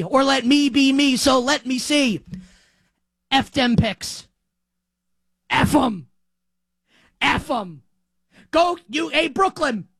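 Fired-up New sports talk host, high-pitched, bursts of shouting, dry close sound. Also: no room sound. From New York. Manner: animated, emphatic, rapid-fire repetition, frequent shouting. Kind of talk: excited sports talk monologue.

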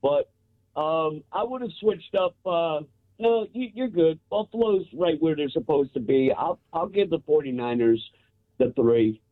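A man phoning in to a sports radio show, excited and laughing, talking in casual slang. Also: on the high side, unhurried, dry recording. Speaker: caller. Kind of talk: excited phone-in call. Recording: tinny phone line, dry.

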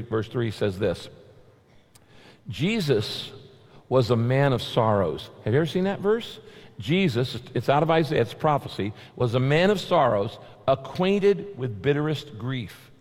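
A man delivers a sermon in a middle-range voice, leaning on repetition and pushing his pitch up hard when he drives a point home. His words ring out with a long reverb, as in a large church hall. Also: very animated, moderate pace, darkish tone. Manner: emphatic, repetitive preaching with sudden rises. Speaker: pastor.

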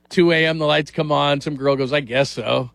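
A middle-aged man hosts sports talk radio from a studio, rambling and poking fun at himself with frequent laughs. His voice sits fairly high for a man and has a gravelly edge. The sound is dry and close. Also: steady tone, normal speed, fairly bright tone, dry recording. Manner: rambling, self-deprecating, laughs often.

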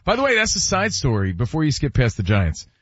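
A man hosting sports talk, keeping the rundown moving with a lively, mid-range voice. The recording is dry and a bit dull. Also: medium pitch, brisk, breathy edge, dry recording. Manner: steers the segment, reads listener comments. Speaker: sports radio host.

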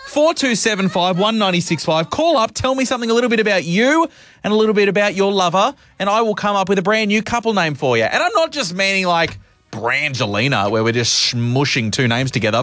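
A man's voice: high-pitched, fairly bright tone. Aussie radio guy yakking away, laughing at himself, faint music under him. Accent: Australian. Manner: chatty, self-mocking storyteller. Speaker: radio host. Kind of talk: casual radio chat.

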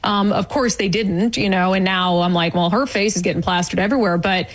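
A woman guest recounting an event in an interview, indignant and animated, acting out quoted remarks. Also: mid-range voice, a little fast, rough recording. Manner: indignant, storytelling with quoted asides. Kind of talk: animated eyewitness account.

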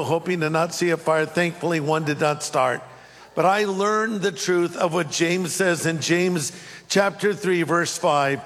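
A man with a high voice delivers a sermon in a reverberant hall. He tells an animated personal story, then slows down to read scripture aloud. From California. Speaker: pastor.

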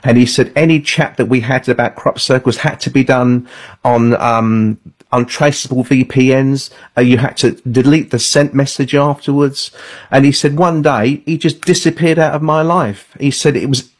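A man's voice: medium pitch, fairly even intonation, normal speed. Male author on a call-in show, mid-range voice, earnest and anecdotal. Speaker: author and radio guest. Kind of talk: call-in radio interview.

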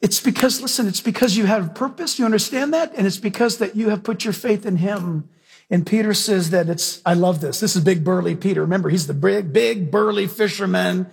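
A man's voice: high-pitched, a little fast, gravelly, breathy edge. A man preaching a sermon emphatically, often asking the congregation questions.

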